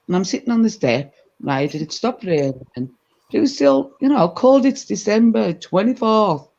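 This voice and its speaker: A woman telling a gossipy anecdote in a casual chat, animated and full of asides. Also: mid-range voice, normal speed, gravelly. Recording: dull lo-fi recording.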